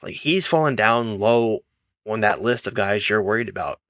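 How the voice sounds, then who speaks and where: A young man co-hosting a sports podcast, talking in a relaxed, conversational way. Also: lowish voice, moderate pace, no room sound. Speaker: podcast co-host. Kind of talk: casual sports podcast chat.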